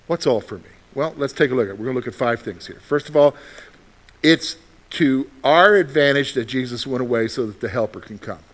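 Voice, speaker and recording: A man preaching a sermon to his congregation, asking rhetorical questions and answering them himself, moving between loud emphasis and quiet, confiding asides. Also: medium pitch, a little fast. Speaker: pastor.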